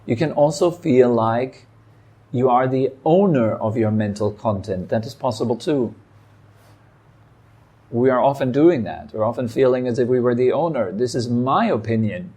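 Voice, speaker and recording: A man gives a meditation talk. His voice is mellow and relaxed, at an ordinary male pitch. He speaks calmly and reflectively, in short phrases broken by pauses. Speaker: meditation teacher. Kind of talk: dharma talk. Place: meditation hall.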